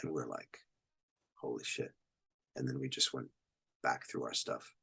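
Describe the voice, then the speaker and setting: A man's voice: a bass voice, fairly even intonation, moderate pace, gravelly, sharp tone, husky. A middle-aged man, a military veteran, telling stories as a podcast guest, acting out quotes and sound effects and swearing freely. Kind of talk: storytelling in a podcast interview.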